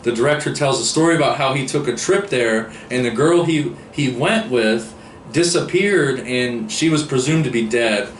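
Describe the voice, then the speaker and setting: Mid-pitched man, casual rambling book reviewer; distant mic, echoey room. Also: normal speed. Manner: rambling, many fillers and restarts. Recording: roomy echo, distant mic, faint hiss.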